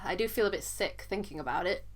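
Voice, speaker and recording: A young woman vlogger telling a personal story in an earnest, halting way, sometimes repeating words as she struggles to go on. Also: lowish voice, slight background noise.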